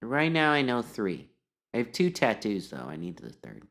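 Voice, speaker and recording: A man's voice: mid-range voice, wildly swooping pitch, normal speed, vocal fry, a bit bright, heavily acted. A man voicing a naive, sheltered male monk adventurer who talks in an earnest, matter-of-fact way during tabletop role-play.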